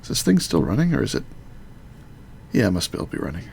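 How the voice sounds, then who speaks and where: A man casually talking through a modded game on a live stream, muttering to himself with halting fillers. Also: fairly low pitch, very animated, creaky, a little mellow, slight background noise.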